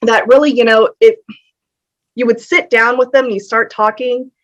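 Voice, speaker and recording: A woman's voice: fairly high pitch, fairly even intonation, normal speed. A woman, telling her story as a podcast guest in a candid, earnest way, with many ums. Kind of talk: casual interview storytelling. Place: home room with a fan on. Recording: dull lo-fi audio.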